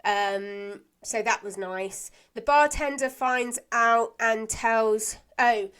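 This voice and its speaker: A woman's voice: a little high, slow, a bit bright, clean tone. A woman co-hosting a podcast, chatting casually as she recaps a soap, laughing often and acting out characters' lines. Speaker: podcast co-host.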